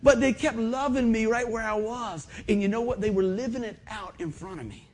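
A middle-aged man, preaching a folksy, animated sermon in a church and asking the congregation questions. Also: sits high, a little fast. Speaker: pastor. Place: church sanctuary.

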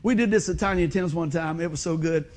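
A middle-aged man preaching a sermon in a folksy, animated way, acting out other people's voices. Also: a little high, fast talker. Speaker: pastor.

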